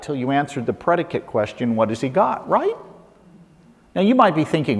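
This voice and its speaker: A middle-aged man delivers an animated talk, firing off rhetorical questions and playful asides. His voice sits somewhat high for a man. A long reverb from the hall trails each phrase. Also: normal speed. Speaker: speaker. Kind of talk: lively apologetics talk. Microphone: handheld or lapel mic.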